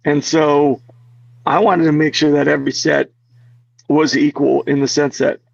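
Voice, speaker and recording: Gravelly, husky man telling rambling stories. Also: on the high side, level tone, measured pace, dry recording. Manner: restless, rambling storyteller with many fillers. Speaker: interview guest. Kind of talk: casual chat. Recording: dull, lo-fi, dry sound.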